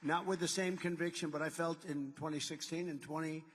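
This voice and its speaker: A man delivering a rally speech from a stage microphone, his voice set fairly high for a man. He piles boast on boast in repeated superlatives, drifting into rambling asides. His words ring out with a long reverb through a large hall. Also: fairly even intonation, fairly quick, a little hiss or hum. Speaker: political candidate.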